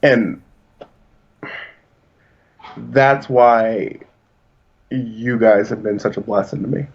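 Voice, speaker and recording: A man's voice: mid-range voice, fairly even intonation, very slow, creaky, slightly rough. Earnest man telling stories, muffled sound. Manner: earnest, reflective storytelling. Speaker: podcast co-host. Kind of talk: casual chat.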